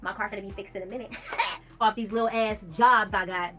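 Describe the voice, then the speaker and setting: A woman's voice: medium pitch, steady tone, brisk, a bit bright, faint music behind. A young woman, telling a personal story in a casual storytime vlog, blunt and profane, reading out text messages with bursts of laughter.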